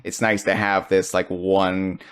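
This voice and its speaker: A man hosting a casual podcast chat, joking around and jumping into high, excited bursts. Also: measured pace, smooth. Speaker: podcast host.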